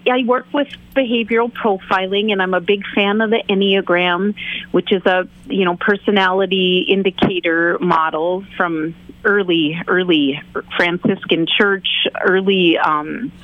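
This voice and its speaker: A woman's voice: steady tone, unhurried, no room sound. A woman guest, an author and teacher, explaining behavior and acting out the people in her examples. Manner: acts out quoted voices with big pitch jumps. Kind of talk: interview on a call. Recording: tinny phone line.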